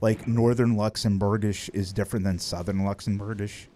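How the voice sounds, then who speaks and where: A man with a Midwestern American accent hosting a casual livestream chat, relaxed and curious, with plenty of fillers. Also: on the low side, moderate pace, a little hiss or hum. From United States. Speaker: streamer.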